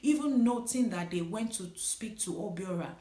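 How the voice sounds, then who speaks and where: A woman's voice: medium pitch, lively intonation, moderate pace, dark tone. A woman from Nigeria giving a casual, candid spoken movie review, chatting directly to viewers and laughing often. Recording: echoey room.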